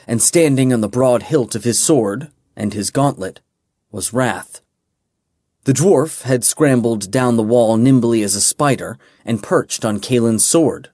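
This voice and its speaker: A man narrating a fantasy audiobook with a measured, dramatic reading. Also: mid-range voice, a little mellow, no echo, clean studio sound. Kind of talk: scripted narration.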